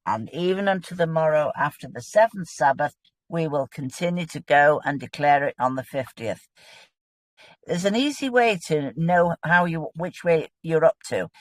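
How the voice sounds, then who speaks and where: A woman's voice: low voice, expressive, normal speed, no echo. A woman, a guest in a casual religious discussion, explaining with earnest enthusiasm.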